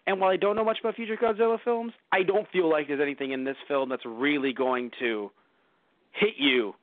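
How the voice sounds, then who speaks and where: A man's voice: a little high, a little fast, dry recording. A man hosting a casual movie review podcast, rambling with many fillers and restarts. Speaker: podcast host. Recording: dry, phone-like lo-fi audio.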